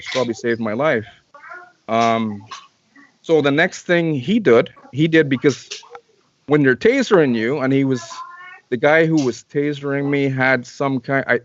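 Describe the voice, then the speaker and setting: A man's voice: mid-range voice, highs cut off. A man from Canada, a guest in an interview, tells a long personal story in casual talk, repeating and restarting phrases as he goes.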